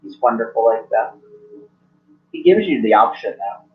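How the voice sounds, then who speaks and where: A man's voice: fairly low pitch, sing-song, moderate pace. Man narrating a tabletop game on a muffled recording. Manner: rambling, many restarts and fillers. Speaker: game master.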